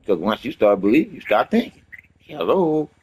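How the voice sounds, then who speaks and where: Animated man preaching in profane slang. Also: medium pitch, moderate pace, slightly rough. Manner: emphatic, profane, repetitive preaching; casual street slang. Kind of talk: rambling motivational monologue.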